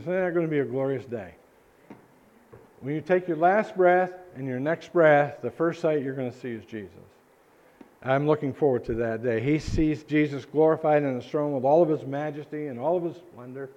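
A man's voice: medium pitch, warm tone. Guy preaching in church, earnest, stumbles and restarts a lot, kinda muffled recording. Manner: earnest, halting, with many restarts and fillers. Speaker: pastor. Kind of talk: sermon. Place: church sanctuary.

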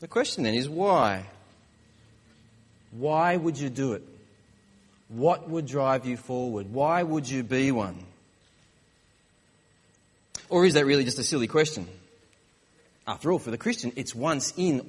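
A man, a father of young children, preaching a sermon in a relaxed, joking storytelling manner. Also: mid-range voice, measured pace, long pauses, slightly rough, in a large hall.

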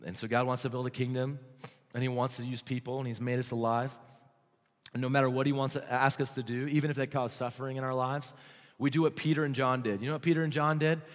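A man preaching a sermon as pastor, swinging from hushed, low passages to loud, excited stretches. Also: quick pace. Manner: dynamic, swings from hushed to shouting. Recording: long hall reverb.

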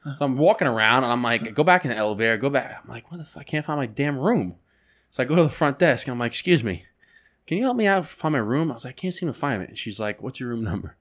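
Animated, swearing man telling a story. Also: medium pitch, racing. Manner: animated, swearing freely, acting out his own story. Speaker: podcast co-host. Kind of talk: casual storytelling.

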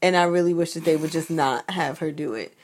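A woman co-hosting a casual chat, talking in an animated, opinionated way and laughing often. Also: low-pitched, a little fast.

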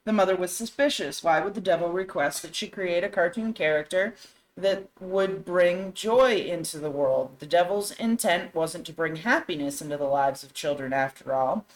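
A woman's voice: lowish voice, normal speed, poor audio. A woman co-hosting a talk show, reading scary stories aloud with dramatic storytelling and shifting voices for the characters. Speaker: co-host.

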